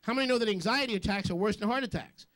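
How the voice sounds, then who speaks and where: A man preaching a sermon as a rabbi, joking with quick asides and questioning the congregation. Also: sits high, fairly bright tone. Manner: jokey, rapid asides, call-and-response questions.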